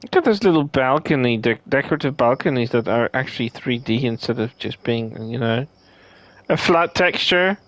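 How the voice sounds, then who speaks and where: Male streamer, mid-pitched, tired but thrilled, live gameplay reaction. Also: normal speed, dry recording. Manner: excited, talks to himself while playing. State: tired and sleepy. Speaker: streamer reviewing a game. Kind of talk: live game reaction commentary.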